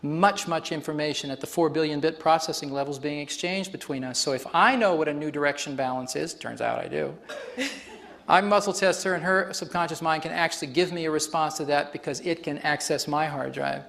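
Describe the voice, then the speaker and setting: A man's voice: a little high, a little fast, vocal fry, a bit bright. A man facilitating a live workshop demonstration on stage before an audience, explaining in a chatty way and laughing often.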